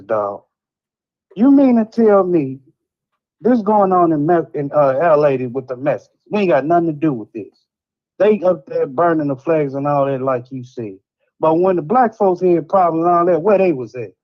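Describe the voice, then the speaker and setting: A man's voice: fairly high pitch, lively intonation, normal speed, muffled recording. A man from Chicago calling in to a talk show, ranting in a rambling, frustrated way. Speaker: caller. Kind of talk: heated call-in rant.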